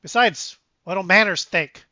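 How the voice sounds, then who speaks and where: A game master voicing a nervous, eager-to-please talking mouse who babbles quickly. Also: mid-range voice, sharp tone, no room sound, dull audio. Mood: flustered. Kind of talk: tabletop game voice acting.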